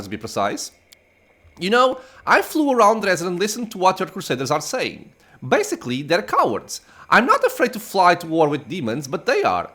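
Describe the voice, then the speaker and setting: A man's voice: sits high, bright, forceful tone, pitched above the performer's own voice, heavily acted. A man reading the lines of a playful, chatty young female dragon child from a game. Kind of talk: reading game dialogue aloud.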